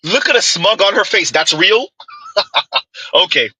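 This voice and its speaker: A man's voice: high-pitched, expressive, unhurried, sharp tone, slightly rough, poor audio. A man giving a mocking opinion commentary, full of rhetorical asides and scornful dismissals. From United States.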